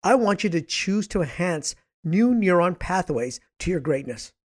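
Man, raspy, hoarse, somewhat high-pitched, earnest and repetitive motivational podcast talk. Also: animated, normal speed. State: hoarse from much speaking. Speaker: podcast host and author. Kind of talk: scripted motivational monologue.

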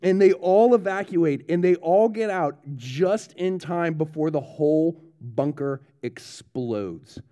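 A male pastor with a fairly high yet mellow, warm voice tells a true story to the children in church. His delivery is animated and dramatic, building suspense before he turns the story to its lesson. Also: slow, hardly any pauses. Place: church service.

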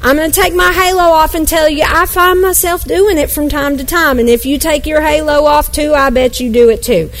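A woman's voice: sits high, a little fast, few pauses, faint music behind, rough recording. A woman pastor preaching a sermon at a church service, emphatic and playful, sometimes acting out grumbling voices.

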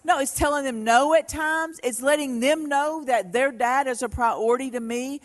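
A woman's voice: sits high, moderate pace. A woman, preaching in church about marriage in an earnest, heartfelt storytelling manner. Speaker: pastor's wife co-leading the sermon. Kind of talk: sermon. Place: church sanctuary. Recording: long reverb of a large hall.

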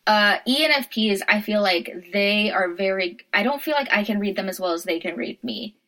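A woman's voice: mid-range voice, lively intonation, normal speed, bright, forceful tone. A woman co-hosting a casual podcast chat, laughing often as she talks. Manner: giggly, laughs often mid-sentence. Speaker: podcast co-host.

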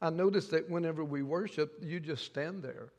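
An older man preaching a sermon as pastor, telling a story in a halting way and often repeating his words. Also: on the high side, a little mellow, long reverb tail.

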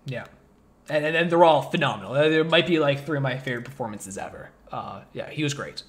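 A man hosting a casual movie podcast, rambling with lots of fillers and getting animated as he talks. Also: mid-range voice, fast. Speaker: podcast host.

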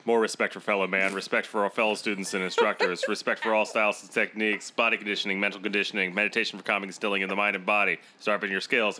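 Laughing male podcast co-host, bright voice. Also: fairly low pitch. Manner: laughing, stammering restarts. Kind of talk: casual chat.

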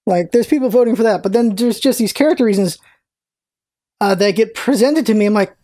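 A person talking politics hesitantly, pausing and restarting with "like" and "uh". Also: mid-range voice, mellow. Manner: hesitant, halting, filler-heavy. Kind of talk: casual political chat.

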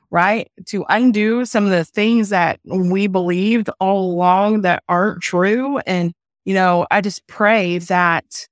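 A woman's voice: medium pitch, dry recording, studio quality. A woman hosting a faith-based podcast, talking straight to her listeners in an earnest, encouraging way and leaning on casual fillers as she speaks. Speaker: podcast host.

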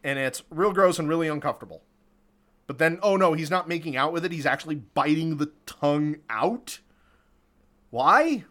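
A man with a slightly higher pitch for his sex talks through a movie's plot in relaxed podcast chat. He is chatty and amused, breaking into laughs. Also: brisk. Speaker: podcast co-host recapping a film. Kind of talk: casual chat.

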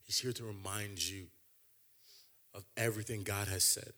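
Husky guy preaching, chatty, keeps repeating himself, gets loud n fired up. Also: steady tone, normal speed. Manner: impassioned, builds to loud high emphatic climaxes; conversational, repeats and restarts phrases. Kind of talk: sermon.

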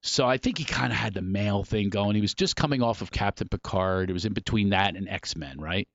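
A man from Philadelphia, a comedian guest, telling comic stories in a casual chat with animated, self-mocking energy. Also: lowish voice, brisk, vocal fry, highs cut off, slight background noise.

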